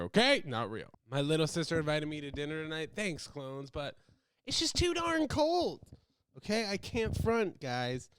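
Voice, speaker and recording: Rambling young American man, smooth voice. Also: fairly high pitch, no room sound, studio quality. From United States. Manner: animated, rambling, jumps into loud silly voices. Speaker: host. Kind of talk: casual solo podcast chat.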